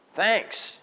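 A man preaching a sermon in a conversational, folksy way, asking the congregation questions. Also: pushed and bright. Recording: long echo of a large hall.

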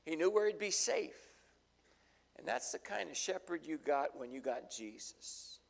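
A man's voice: a little high, animated, measured pace, creaky. An older man preaching a sermon in a folksy, storytelling way, acting out the voices in his stories. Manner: folksy storytelling, acts out quotes. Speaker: pastor.

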